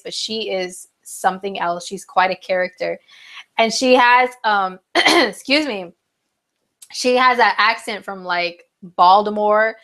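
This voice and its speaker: A young woman hosts a loose live horoscope stream, speaking into her phone. She is chatty and full of fillers, drifting into asides to her viewers at a middle pitch. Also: fairly bright tone. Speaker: astrology livestream host. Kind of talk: casual live horoscope reading.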